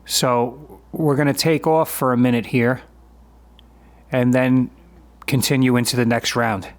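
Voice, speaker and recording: A man's voice: mid-range voice, little pitch movement, unhurried. A man in his fifties narrating and explaining his own grappling sparring footage in a matter-of-fact, conversational way. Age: 50s. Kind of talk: voice-over commentary on a sparring video.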